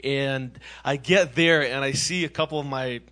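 A man in his twenties from Massachusetts, sharing his personal testimony as a youth minister in an earnest, animated way, often restarting his sentences. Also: mid-range voice, normal speed. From Massachusetts, USA.

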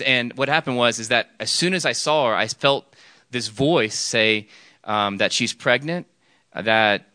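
Chatty young preacher, bright clear voice. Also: male voice, on the low side, no echo. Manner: conversational, many fillers and restarts, asks the audience questions. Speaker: youth speaker. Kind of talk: casual sermon storytelling.

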